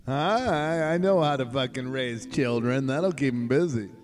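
A man's voice: mid-range voice, measured pace, soft background music. A man co-hosting a casual movie commentary podcast, joking, swearing and laughing often. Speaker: podcast co-host.

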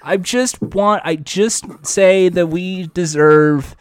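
A man's voice: high voice, slow, clean tone, no room sound, clean studio sound. A man co-hosting a casual podcast, ranting and swearing in mock outrage. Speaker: podcast co-host.

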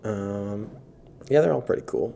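A man with a raspy voice, a guest comedian in a casual podcast chat, speaking low and calm like a late-night radio host with the mic held close. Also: measured pace, slight background noise. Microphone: close handheld mic.

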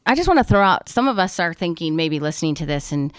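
A woman's voice: on the low side, very animated, quick pace, clean tone, no room sound, studio quality. A woman co-hosting a faith podcast, speaking earnestly and inviting listeners to a church event. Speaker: podcast co-host.

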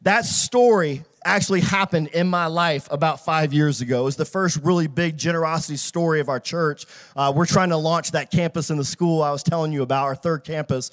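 A middle-aged man pastor preaching a sermon, telling a story and rising to shouted praise. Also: a little high, fairly quick, few pauses.

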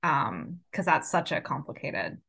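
A woman co-hosting a book podcast, summarizing in a relaxed way with hesitant fillers. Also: deep voice, a little slow, creaky, breathy edge. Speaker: podcast co-host. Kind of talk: casual book club chat.

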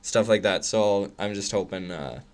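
A man's voice: lowish voice, moderate pace. A man co-hosting a podcast, chatting casually about movies and shows, laughing often and trailing off. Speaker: podcast co-host. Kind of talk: casual chat.

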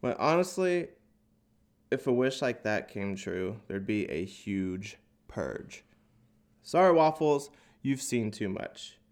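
Stuffy-nosed comic, crude and lively. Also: male voice, on the low side, takes it slowly. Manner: crude, loose, sarcastic. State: stuffy and nasal from a cold. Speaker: podcast host and stand-up comic. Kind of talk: stand-up bit on a podcast. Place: open office, echoey.

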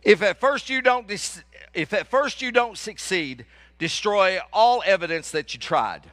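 Male pastor, sermon, very expressive, high voice, joking, repeats for emphasis. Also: measured pace.

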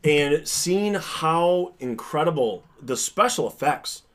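A man's voice: on the high side, expressive. A man co-hosting a casual podcast chat, enthusiastic and jokey as he raves about a movie. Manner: enthusiastic, jokey, quick to laugh. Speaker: podcast co-host.

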